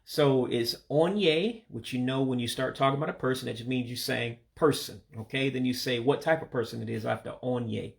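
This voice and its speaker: A man teaching vocabulary in a casual spoken lesson, patiently repeating each word slowly so listeners can practice along. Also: medium pitch, fairly even intonation, creaky. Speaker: language learner teaching vocabulary.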